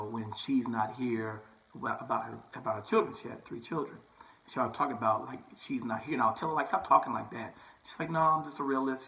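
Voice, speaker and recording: A young barber and vlogger tells his viewers a personal story in a chatty, casual way, often checking in with "right?" and "okay?" His medium-pitched voice sounds pushed and bright, and the audio quality is poor.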